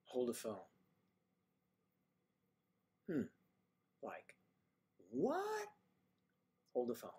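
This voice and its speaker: A man's voice: mid-range voice, wildly swooping pitch, slow, dark tone. A man from the Washington DC area with no marked accent, casually chatting on a livestream, reading viewers' comments and cracking jokes. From Washington DC area, USA. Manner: joking, chatty, teasing the audience. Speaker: livestream host reading chat.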